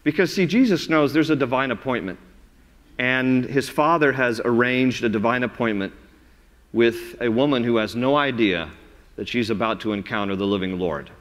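Animated pastor preaching in a reverberant sanctuary. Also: male voice, mid-range voice, normal speed. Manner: animated storytelling, acts out voices. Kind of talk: sermon. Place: large church sanctuary.

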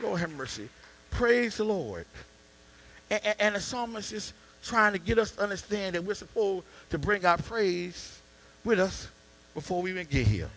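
A male deacon preaches in a cadence, trading quiet asides for shouted peaks. His voice sits very high for a man and has a bright, forceful edge. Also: lively intonation, normal speed, low-quality recording. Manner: call-and-response preaching, swings from quiet to shouting. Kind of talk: sermon.

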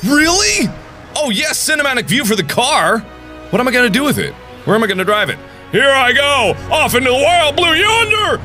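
A man riffs through gameplay commentary, jumping from loud yelps to low mutters. His voice sits high and bright with huge swings in pitch. Faint music plays underneath. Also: brisk. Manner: excitable, jokey, swings between yelps and mutters. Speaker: gaming video host.

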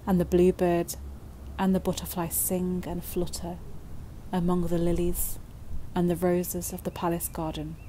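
A woman telling a bedtime story in a gentle, slow way that sometimes drops to a whisper. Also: on the low side, completely flat delivery, a little hiss or hum, poor audio.

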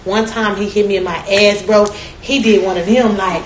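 A woman's voice: medium pitch, slow, long pauses. A young woman telling stories in a casual chat, brash and profane, often laughing. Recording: echoey room with faint noise.

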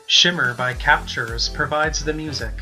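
A man, the author, narrating his storybook in a measured storytelling manner. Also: on the high side, pushed and bright, soft background music, rough recording. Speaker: author reading his novel.

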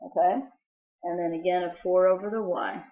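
A woman's voice: on the low side, fairly even intonation, moderate pace. A woman teaching a spelling lesson to young children, patiently sounding out letters. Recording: roomy, dull lo-fi home recording.

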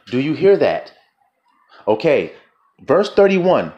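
A man preaching a fervent sermon, reading scripture slowly and firing questions at his listeners. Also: mid-range voice, big pitch swings, a little mellow, muffled recording. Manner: fervent, questioning the audience, drawn-out quotes.

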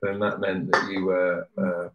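A middle-aged man chats casually on a livestream with a very low voice. He drops dry, joking asides. The recording sounds roomy, with a faint hiss underneath. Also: monotone, unhurried, dull audio. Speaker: parent co-hosting a livestream. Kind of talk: casual chat.

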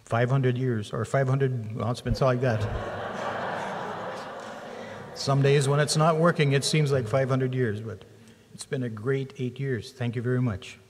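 Male church volunteer, mid-pitched, loose and self-correcting speech, big hall echo. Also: fairly even intonation, measured pace, crowd noise. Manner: rambling, self-correcting, lighthearted. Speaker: church volunteer running the camera and live stream. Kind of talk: speech at a retirement lunch. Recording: long reverb of a hall.

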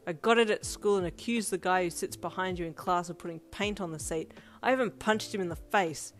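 A woman's voice: lowish voice, brisk, close to an everyday voice. A woman voicing a brash, hot-tempered young man in a fan fiction audiobook, curt and growling, with lofi music underneath. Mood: indignant. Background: lofi beat.

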